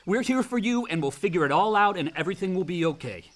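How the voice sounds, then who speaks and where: Quick-tempered brother in a radio play, blunt, a bit higher voice. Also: male voice, expressive. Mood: reassuring. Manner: blunt and curt. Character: brother George, short-tempered and protective. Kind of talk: radio drama acting.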